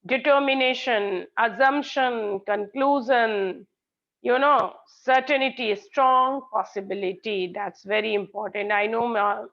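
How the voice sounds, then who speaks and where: Woman teacher, slow and patient, high-ish voice, dull lo-fi video call sound. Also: steady tone. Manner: patient, explains by repeating examples and praising students. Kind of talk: online English grammar class.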